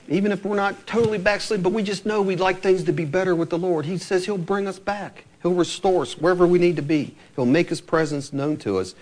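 Male preacher, slightly higher than average voice, chatty sermon delivery, drags out key scripture lines for weight. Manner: laughs lightly between points.

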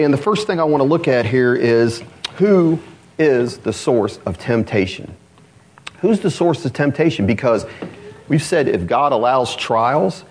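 Man, pastor, sermon, conversational, rhetorical questions, very lively pitch, medium-pitched voice. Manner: asks the congregation rhetorical questions; animated, conversational.

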